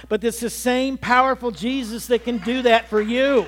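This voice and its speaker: A man's voice: very high voice, steady tone, moderate pace, few pauses, a bit bright. A man in his early sixties preaching a sermon, giving an earnest personal testimony that builds to emphatic peaks. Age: 60s. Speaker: pastor.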